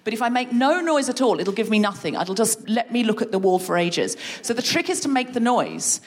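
A woman guest leading a playful creativity game for a live audience, encouraging and animated. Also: on the high side, brisk. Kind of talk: live comedy podcast workshop. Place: stage before a live audience.

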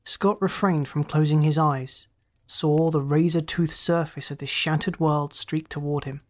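Reading a sci-fi story aloud, a male audiobook narrator keeps a steady, measured pace and shifts up in pitch for dialogue.

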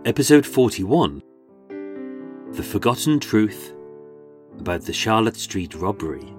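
A man with a Birmingham accent narrating a true-crime walking tour as its host, sardonic and sweary, with dramatic pauses. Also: fairly low pitch, big pitch swings, over music. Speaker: podcast host and tour guide.

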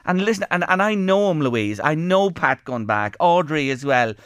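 An Irish man hosting a radio show from the studio, his voice sitting fairly high for a man. He talks earnestly and with emphasis, repeating words over and over. The sound is close and dry. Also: sing-song, moderate pace, fairly bright tone, clean tone, no echo. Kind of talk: emotional radio talk.

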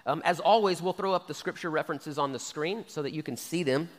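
A man's voice: fairly high pitch, brisk, long reverb tail. A man preaching a sermon as pastor, talking conversationally and often checking in with "okay?" and "right?". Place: church sanctuary.

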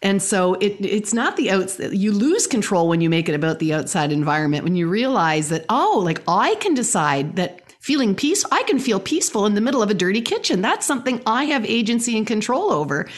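A woman hosting a conversation, speaking in an earnest, animated way and often restarting her sentences. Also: mid-range voice, fairly quick, hardly any pauses. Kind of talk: casual conversation.

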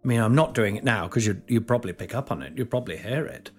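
A man's voice: fast talker, faint music behind. A man, hosting a podcast in a rambling, self-mocking comic monologue. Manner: self-mocking, giggly, lively swings in pitch. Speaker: podcast host, comedian.

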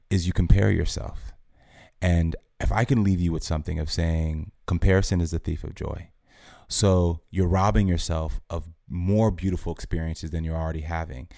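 A man speaking as a guest therapist on a podcast, offering calm, earnest and measured advice. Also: sits low, vocal fry, no echo, studio quality. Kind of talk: podcast conversation.

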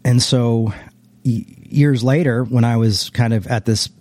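A man with a mellow, warm voice recalls his past in a relaxed interview, circling back and restarting his thoughts as he goes. The recording is dry and close, with no room echo. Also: medium pitch, unhurried. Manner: reflective, meandering, frequent restarts. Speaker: interview guest, former pastor. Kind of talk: casual conversational storytelling.

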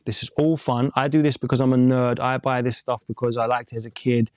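A man's voice: mid-range voice, steady tone, a little fast, a little mellow, no echo, studio quality. A man from England with a London accent, chatting candidly and rambling in a casual interview as a music engineer, swearing casually as he talks. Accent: London English. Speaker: music producer and mix engineer.

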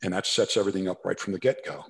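His voice is deep, gravelly, and very fast: a New Jersey corporate consultant guesting on a casual storytelling interview. His anecdotes wander through asides and restarts.

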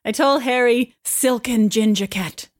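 A woman's voice: fairly high pitch, unhurried, no echo, clean studio sound. A woman playing a tabletop role-playing game, chatting casually and describing her character with lots of giggles. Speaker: player.

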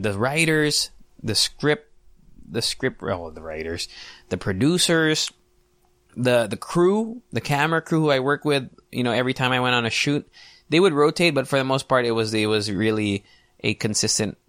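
A man's voice: mid-range voice, a bit bright, no room sound, studio quality. A man in his late twenties hosting a solo podcast, talking casually with swearing and self-mocking humor. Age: 20s. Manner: casual, profane, self-mocking, laughs often. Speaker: podcast host.

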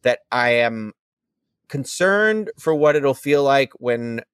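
A man's voice: mid-range voice, animated, slow, fairly bright tone, clean tone, no echo, studio quality. A man co-hosting a podcast, telling a story in a casual chat with lots of fillers. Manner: rambling, filler-heavy storytelling. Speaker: podcast co-host.

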